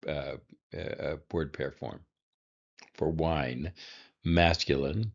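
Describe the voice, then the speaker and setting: Male teacher, very low voice, unhurried, halting delivery with fillers, dull lo-fi recording. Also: very animated. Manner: halting, many fillers, dry asides. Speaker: Hebrew teacher. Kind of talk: recorded classroom lesson.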